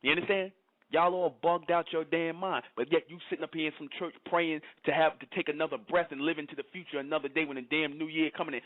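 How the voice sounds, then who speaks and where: A man's voice: a little high, quick pace, no echo. A man hosting his own channel, delivering a scolding monologue in reply to chat comments, firing rhetorical questions and repeating himself. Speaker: channel host. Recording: tinny phone-like audio.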